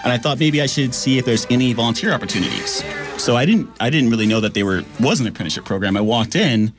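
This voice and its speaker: A man co-hosting a community radio show, telling his story in an animated, chatty way with plenty of fillers. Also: medium pitch, fast, music in the background. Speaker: radio apprentice co-host. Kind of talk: casual radio chat. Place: radio studio.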